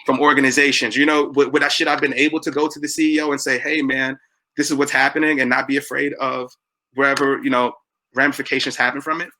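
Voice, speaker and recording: A man in his thirties from New York hosting a podcast, telling animated stories and acting out other people's lines. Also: mid-range voice, fast, rough recording. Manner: animated storyteller, quotes people with shifting voices. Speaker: podcast host. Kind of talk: casual podcast conversation.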